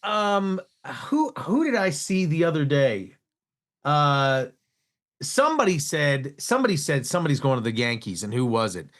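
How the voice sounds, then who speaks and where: A man hosting a radio talk show, chatting casually in an animated, exasperated way, with frequent restarts. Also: on the high side, normal speed. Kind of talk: casual on-air banter. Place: radio studio.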